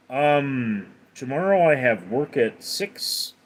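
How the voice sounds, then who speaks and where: A man hosts a casual livestream, reading out viewers' questions and answering them one by one. He talks slowly and hesitates often. His pitch rises and falls in lively swings. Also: slight background noise. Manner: chatty and rambling, hesitant with ums. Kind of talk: casual live chat.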